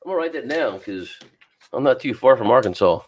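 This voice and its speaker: Talking to the camera on his streaming setup, this man hosts a live fishing show in a brisk, animated, mid-range voice. Viewers get greeted by name amid casual chat, frequent laughter, and the odd wheeze.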